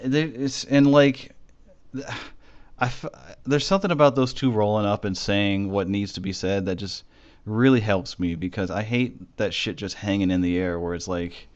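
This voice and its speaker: A man's voice: on the low side, steady tone, moderate pace, lo-fi sound. A young man co-hosting a casual anime discussion, joking profanely and acting out the characters' lines. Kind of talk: casual chat.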